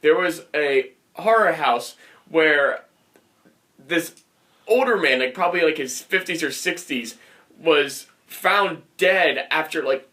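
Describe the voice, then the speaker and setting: A man hosting a casual podcast, laughing easily and handing the talk to his co-hosts. His voice is bright and a bit higher than most men's. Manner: laughs often, steers the talk. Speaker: podcast host. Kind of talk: casual chat.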